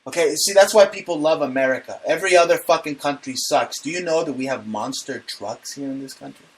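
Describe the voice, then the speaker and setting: A man's voice: a little high, brisk. A man hosting a casual comedic talk show, brash and profane, joking as he rants. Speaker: podcast host.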